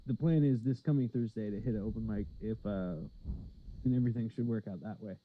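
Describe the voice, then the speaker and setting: A man's voice: fairly low pitch, a little fast, a little hiss or hum. Podcast guy rambling along, lots of ums, kinda muffled lo-fi audio. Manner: laid-back, rambling with many fillers. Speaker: podcast co-host. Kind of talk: casual podcast chat. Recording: slightly dull lo-fi sound.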